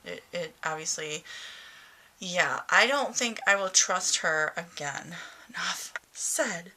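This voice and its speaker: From her bedroom, a woman with a fairly low voice speaks slowly in a pushed, bright way, vlogging casually about her day. Her candid, chatty diary includes sing-song moments with her cat.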